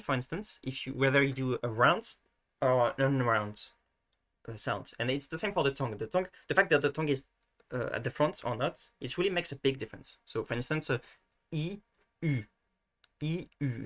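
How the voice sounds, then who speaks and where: A man's voice: mid-range voice, expressive, brisk, a bit bright. A man giving a casual screen-share lesson, hesitant and full of restarts, fillers and self-mocking asides. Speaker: video tutor.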